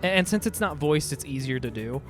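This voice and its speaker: A man's voice: fairly high pitch, animated, fairly quick. A man streaming a game, chatting casually and joking with his viewers. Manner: playful, jokey, chatty with viewers. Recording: faint music behind.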